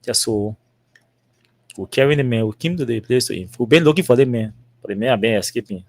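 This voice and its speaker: Animated Liberian man telling a story. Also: medium pitch, a little fast, dry recording. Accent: Liberian English. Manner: animated, acts out dialogue with repetitions. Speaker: talk show host. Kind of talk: storytelling monologue.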